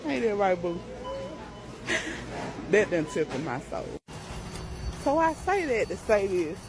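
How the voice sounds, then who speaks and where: A woman's voice: medium pitch, very animated, takes it slowly, over music, rough recording. A woman telling an amused, chatty story to her phone while shopping in a grocery store. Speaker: social media storyteller. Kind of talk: casual storytime to camera.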